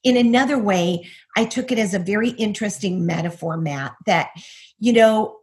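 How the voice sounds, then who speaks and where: A woman's voice: medium pitch, normal speed, darkish tone. A middle-aged woman, a guest, giving a personal testimony over a video call, earnest and full of rhetorical questions.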